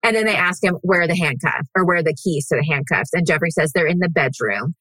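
Profane, animated woman storyteller. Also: fairly low pitch, brisk, no echo, poor audio. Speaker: podcast host. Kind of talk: casual true-crime storytelling.

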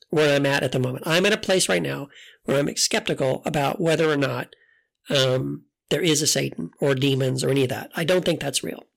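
A middle-aged man hosts a podcast in a slightly high voice with vocal fry. His casual, reflective monologue is hesitant and full of restarts as he candidly tells stories.

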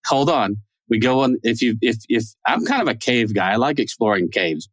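Man co-host, goofy rambler, dry close sound, mid-pitched. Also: animated, normal speed, no echo. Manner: goofy, rambling, laughs often. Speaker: podcast co-host. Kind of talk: casual chat.

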